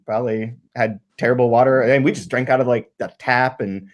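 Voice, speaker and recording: A man's voice: medium pitch, steady tone, brisk. A man from Michigan hosting a podcast, chatting casually and animatedly about a book, swearing freely and restarting his sentences. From Michigan, USA. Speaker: podcast host.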